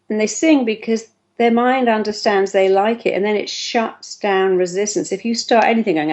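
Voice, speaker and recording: A woman's voice: on the low side, muffled recording. A woman therapist giving a motivational talk, acting out the voices of the people she quotes. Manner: lively, acts out quoted voices.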